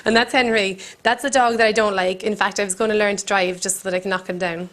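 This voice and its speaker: A woman comedian with a Cork accent hosting a comedy cooking show, telling rambling deadpan stories with giggles in between. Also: mid-range voice, fast. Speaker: comedian host. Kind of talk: deadpan comic monologue. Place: country kitchen.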